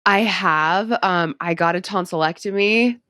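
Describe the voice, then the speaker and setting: A woman's voice: on the low side, a little slow, a bit bright, no room sound, studio quality. A young adult woman talking in a casual interview as a guest. She is chatty and upbeat, with lots of "like" and "um". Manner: chatty, upbeat, heavy use of "like" and "um". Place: cosmetic surgery clinic.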